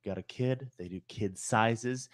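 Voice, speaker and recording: A man's voice: fairly low pitch, unhurried, no room sound, clean studio sound. A man co-hosting a basketball podcast, reading a sponsor spot and joking in a playful way. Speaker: podcast co-host. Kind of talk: casual sports podcast chat.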